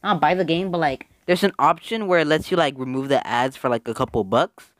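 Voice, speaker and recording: A young man playing through a story game, reading its text aloud and reacting with excitable, animated outbursts. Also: fairly high pitch, a little fast, no room sound, clean studio sound. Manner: excitable, animated, swings between mumbling and loud outbursts. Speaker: let's-play gamer.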